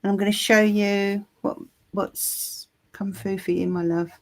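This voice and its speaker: A woman giving a live psychic reading, soothing and reassuring, with frequent pauses and restarts. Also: mid-range voice, level tone. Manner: soothing, reassuring, calls the listener "my love"; halting, with many ums and restarts. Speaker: tarot reader.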